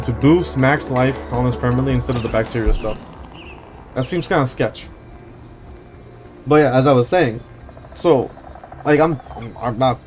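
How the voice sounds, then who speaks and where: A young man hosting a let's play, rambling through casual jokey stories and swearing now and then between game moves. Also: mid-range voice. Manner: rambling, swears, joking anecdotes. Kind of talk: casual gameplay commentary.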